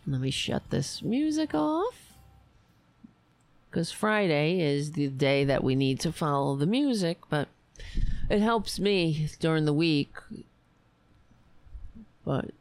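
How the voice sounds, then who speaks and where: A woman hosting a political livestream, hoarse and raspy after a long show, reading headlines and commenting in a wry, meandering way. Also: low-pitched, very animated, slow, pauses often, darkish tone, no room sound. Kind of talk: casual opinionated commentary.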